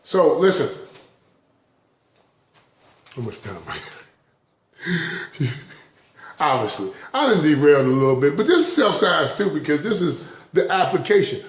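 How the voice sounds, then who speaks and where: A man's voice: fairly high pitch, sing-song, measured pace, long pauses, a little hiss or hum. A man giving a rambling, casual spiritual talk to camera, chuckling often between phrases. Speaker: vlogger. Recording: roomy echo.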